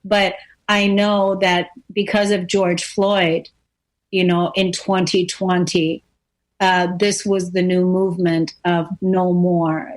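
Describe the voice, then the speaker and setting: A woman hosting a radio talk show, speaking earnestly in a loose, rambling way, with many fillers and repeated phrases. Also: on the low side. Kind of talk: casual conversation.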